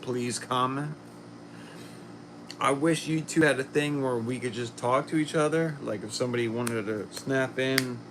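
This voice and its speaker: Slow, rambling man on a livestream. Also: medium pitch, background noise. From Philadelphia. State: a little sick. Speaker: livestream host. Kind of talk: casual livestream chat reading comments.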